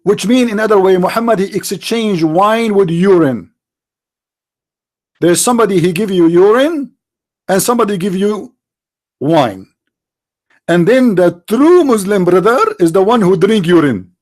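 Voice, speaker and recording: A man's voice: high-pitched, lively intonation, measured pace, long pauses, a little mellow. A man hosting a live call-in show, talking bluntly and mockingly in broken grammar. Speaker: host of a live call-in challenge. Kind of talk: unscripted live talk.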